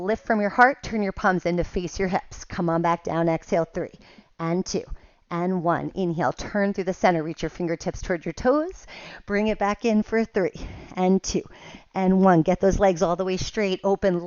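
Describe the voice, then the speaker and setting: A Pilates instructor guides a home workout, cueing each move with counts and laughing at herself, a little out of breath. Her voice sits on the low side, with no echo and the highs cut off.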